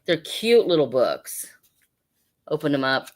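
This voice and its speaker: Woman, sale host, deep voice, casual rambling patter full of fillers. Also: big pitch swings, measured pace. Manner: chatty, rambling, with many fillers.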